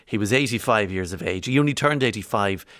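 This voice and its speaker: An Irish man from County Monaghan hosting a morning radio show, chatty and rambling, swinging from bright to low. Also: animated, brisk, no room sound, studio quality. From County Monaghan, Ireland. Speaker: radio host. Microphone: studio microphone.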